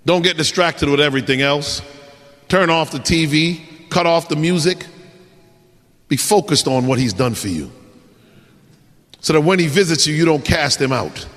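A man preaching a dramatic sermon, swinging from shouts to hushed endings. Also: fairly high pitch, lively intonation, normal speed, pauses often, faint music behind. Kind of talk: sermon with storytelling. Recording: echoey hall.

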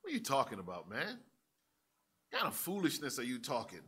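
Man acting out a dismissive governor, grown man, mocking and plain-spoken, lively pitch. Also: a little fast, breathy edge, exaggerated voice. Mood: scoffing. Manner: mocking, colloquial.

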